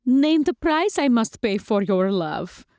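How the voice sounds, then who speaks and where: A woman's voice: on the high side, sing-song, darkish tone, dry recording, studio quality, pitched above the performer's own voice. A woman voicing a doting ancient vampire woman. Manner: slow, stilted, formal English without contractions. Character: ancient, doting female vampire with stilted speech.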